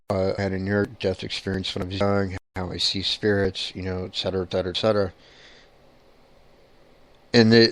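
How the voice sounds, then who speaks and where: Blunt low-voiced man, dry close sound. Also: no room sound. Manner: blunt, swears casually. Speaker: paranormal investigator. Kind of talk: casual monologue.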